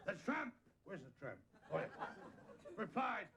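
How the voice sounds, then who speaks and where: A man's voice: high voice, very animated, a little slow. A male stage comedian reciting a comic poem, rambling and breaking off to joke and chuckle at himself. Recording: hissy old television recording. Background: audience laughter.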